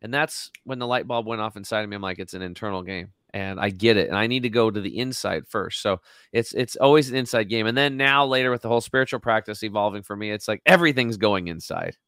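A man's voice: on the low side, quick pace, clear, resonant tone, no room sound, clean studio sound. A man in his forties, a guest in an interview, telling a story with lots of energy and acting out what people said. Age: 40s. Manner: energetic, acts out quotes.

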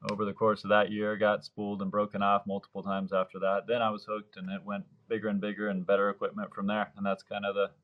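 A man's voice: fairly low pitch, fast, hardly any pauses, muffled recording. Man in his thirties telling a fishing story. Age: 30s. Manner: lively storyteller, acts out quoted dialogue. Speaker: surf fishing guide, podcast guest. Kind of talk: casual storytelling interview.

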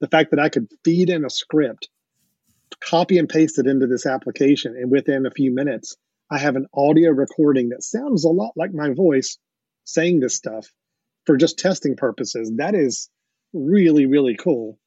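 A man's voice: on the high side, normal speed, dark tone, breathy edge, dry recording. Enthusiastic man explaining, dull audio. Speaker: podcast host. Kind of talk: casual podcast chat.

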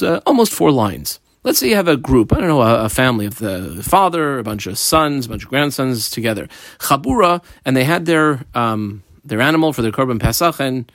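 A man's voice: medium pitch, no echo, clean studio sound. A man teaching a page of Talmud in a conversational way, mixing in Hebrew and Aramaic terms and asking and answering his own questions. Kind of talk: daf lesson explaining the text.

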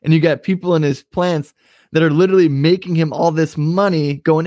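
A man's voice: on the high side, steady tone, normal speed, darkish tone, no room sound, clean studio sound. A young man co-hosting a podcast, ranting angrily with lots of swearing in casual chat. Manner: angry, profane ranting. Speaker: podcast co-host.

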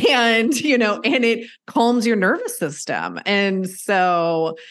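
A woman's voice: mid-range voice, expressive, slow pace, a bit bright. A woman guest on a podcast, an animal intuitive, explaining things in an earnest, fond, conversational way. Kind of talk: interview conversation.

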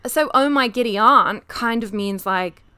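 British woman, podcast co-host, bright crisp voice, chatty and filler-heavy. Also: fairly high pitch, a little slow. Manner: chatty, with frequent fillers and giggles. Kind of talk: casual chat explaining word origins.

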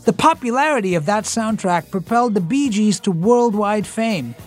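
Male podcast host, higher register, measured scripted read. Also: lively intonation, a little mellow, faint music behind. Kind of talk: scripted narration and interview.

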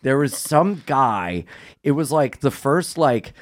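A man hosting a casual comedy podcast, telling rambling stories and shouting out quoted lines. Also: mid-range voice, sing-song, slow pace. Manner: rambling storyteller, loud voices for quoted people. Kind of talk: casual chat.

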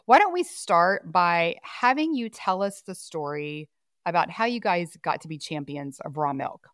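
A woman's voice: fairly low pitch, lively intonation, measured pace, a bit bright, dry recording, clean studio sound. Upbeat woman hosting a podcast. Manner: upbeat and enthusiastic. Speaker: podcast host. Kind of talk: lively scripted podcast hosting.

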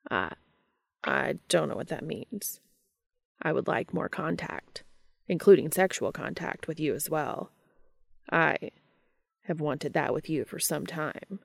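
Woman doing a stiff, deadpan male angel. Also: sits low, slow, gravelly, long pauses, no room sound, clean studio sound, heavily acted. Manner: flat, formal and deadpan. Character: stiff, literal-minded male angel in a man's body. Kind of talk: fan fiction audiobook reading.

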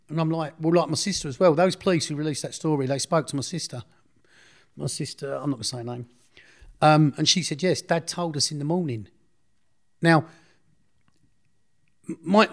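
A middle-aged man, a podcast guest telling a long story in a casual, rambling way, often correcting himself and acting out what others said. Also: on the high side. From Essex, England. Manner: rambling, self-correcting, acts out others' speech. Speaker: interview guest.

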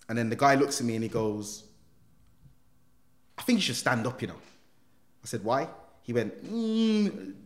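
A man telling an animated personal story as a podcast guest, full of slang. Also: medium pitch. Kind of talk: casual storytelling.

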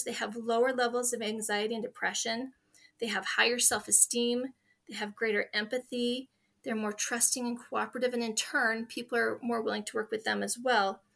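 An earnest woman in her forties talks warmly and sincerely as a podcast guest. Her voice sits a little high and rings bright. She speaks in a heartfelt, conversational way. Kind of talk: conversational interview.

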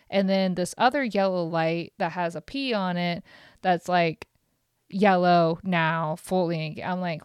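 A woman hosting a solo podcast, telling an exasperated, profane story in an animated way. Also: fairly low pitch, a little slow, clean tone, no echo, clean studio sound. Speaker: podcast host.

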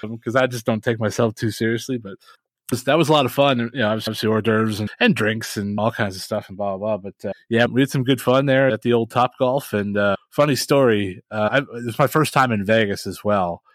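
A man co-hosting a podcast, telling stories in a casual, animated way and laughing often. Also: fairly low pitch, a little fast, no room sound. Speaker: podcast co-host. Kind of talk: casual chat.

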